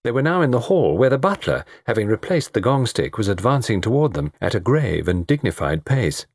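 A man narrating a story in an expressive reading. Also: lowish voice, fairly quick, breathy edge, dry recording, studio quality. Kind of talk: audiobook narration.

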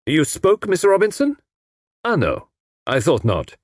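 Casting note: narrator as a bossy, theatrical young sleuth, husky tone, lively inflection, dry close sound. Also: male voice, mid-range voice, moderate pace, no room sound. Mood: self-important. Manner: self-important, theatrical, bossy. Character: pompous young man playing detective. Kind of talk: audiobook character voice.

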